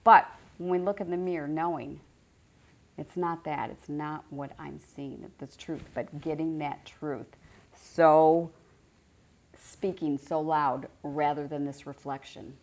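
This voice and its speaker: Low gravelly woman teaching. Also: fairly even intonation, takes it slowly. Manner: conversational, repeats phrases for emphasis. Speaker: spiritual teacher. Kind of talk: informal spiritual teaching to a group.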